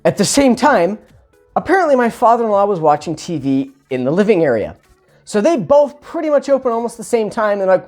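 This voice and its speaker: A man spins a comic story about himself in a relaxed vlog style. His pitch jumps around animatedly as he mocks his own mistakes with sarcastic little asides. Quiet music plays faintly behind him. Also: fairly quick. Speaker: vlogger telling a personal story. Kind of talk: casual storytelling.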